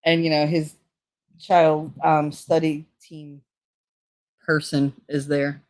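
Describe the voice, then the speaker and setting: A woman's voice: low voice, little pitch movement, slow pace, darkish tone, no room sound. A middle-aged woman from Hoboken, telling stories in blunt, profane casual chat on her channel. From Hoboken, New Jersey. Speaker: channel host.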